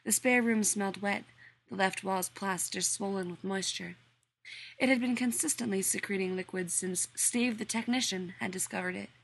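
A woman narrates a story aloud at a mid pitch. Her storytelling is even and measured, the steady pace of an audiobook reading. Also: vocal fry, breathy edge.

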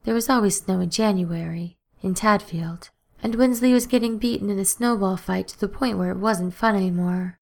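A woman narrating an audiobook in a steady, even storytelling manner. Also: medium pitch, moderate pace, creaky, hardly any pauses.

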